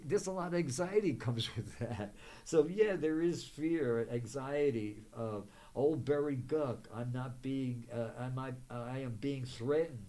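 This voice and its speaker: A man hosting his own psychic show, rambling through spiritual advice full of fillers and restarts, with gentle affirmations and blessings for viewers. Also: medium pitch.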